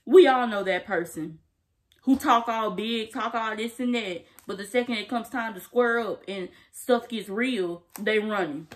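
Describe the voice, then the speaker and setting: A young woman casually recapping a TV episode to camera, animated and emphatic, full of slang and laughter. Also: fairly high pitch, a little slow. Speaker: TV episode reviewer.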